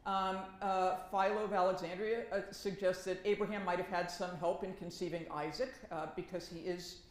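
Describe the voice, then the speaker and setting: An animated woman from Massachusetts talks with wry humor, often repeating words for emphasis. She speaks as a professor on a panel, and her voice rings in an echoey room. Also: lowish voice, moderate pace. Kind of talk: conversational academic talk.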